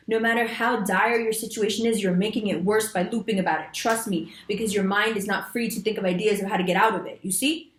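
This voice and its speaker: A woman giving a monthly astrology reading, talking straight to her viewers in an animated, emphatic way with casual slang. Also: mid-range voice, a little fast, hardly any pauses, reverberant. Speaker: astrology reader. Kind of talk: monthly horoscope reading to camera.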